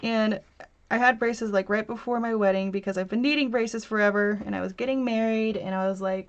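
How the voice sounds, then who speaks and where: A woman's voice: a little high, moderate pace. Chatty woman livestreaming from home. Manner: chatty, laughs often, reads viewer comments aloud. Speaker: crafter hosting a livestream. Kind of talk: casual livestream chat. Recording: dull lo-fi stream audio.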